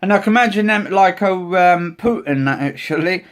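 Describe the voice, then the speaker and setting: A man's voice: sits high, moderate pace. A man chatting casually in a vlog, rambling with many restarts. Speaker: vlogger. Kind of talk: casual chat.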